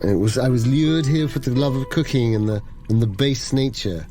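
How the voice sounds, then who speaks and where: A man's voice: medium pitch, fairly quick, warm tone, soft background music. A man playing a tabletop game, slipping into theatrical, dreamy in-character speech. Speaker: player.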